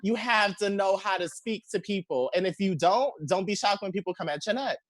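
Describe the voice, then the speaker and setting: A woman's voice: medium pitch, fairly quick, no room sound. A woman on a reality TV recap panel, often chiming in with agreement in casual chat.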